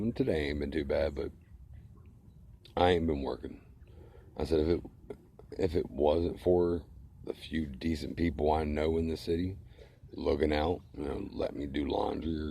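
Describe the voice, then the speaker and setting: A man's voice: extremely low pitch, vocal fry, dark tone, breathy edge. A middle-aged man ranting to camera in a blunt, heated, profane way. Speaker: vlogger. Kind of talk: angry casual rant to camera.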